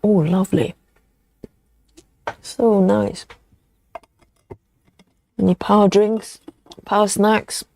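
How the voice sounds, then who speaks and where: A woman's voice: mid-range voice, steady tone, slow pace, vocal fry, pauses often, mellow, a little hiss or hum. A woman hosting a casual live stream, chatting and reading viewer comments aloud as she goes.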